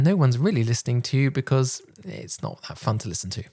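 A man coaching public speaking, talking in a projected, deliberate way with pauses, recorded on a microphone while wearing headphones. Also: medium pitch, big pitch swings, darkish tone. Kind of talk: instructional talk to camera. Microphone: headphones and a normal microphone.

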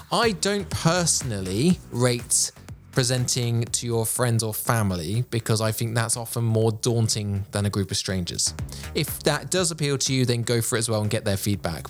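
A man hosting a podcast, talking with a projected, energetic delivery and clear enunciation. His pitch sits in a middle range for a man. Faint music plays quietly behind him. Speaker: podcast host. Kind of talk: presentation tips podcast. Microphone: studio microphone.

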